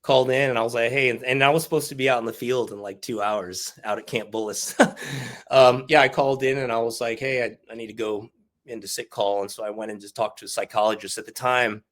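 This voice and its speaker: A man's voice: mid-range voice, steady tone, quick pace, fairly bright tone. Frank, cursing veteran man telling his story. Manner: frank and profane, laughs through hard stories. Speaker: podcast guest, army veteran. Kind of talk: candid interview storytelling.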